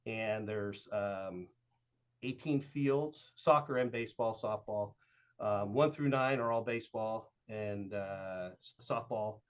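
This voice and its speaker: Guesting on a podcast, a youth baseball coach from Southern Oregon, USA, a middle-aged man, slowly spins a long story in a lowish voice. He wanders, leans on "uh" and "like," and performs bits of quoted dialogue, all in a slightly dull, lo-fi recording.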